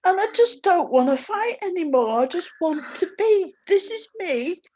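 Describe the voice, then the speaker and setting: A woman's voice: very high-pitched, lively intonation, normal speed, mellow, no echo. A woman sharing candidly and tearfully in a spiritual group call, swearing freely. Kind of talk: emotional sharing. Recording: dry, muffled audio.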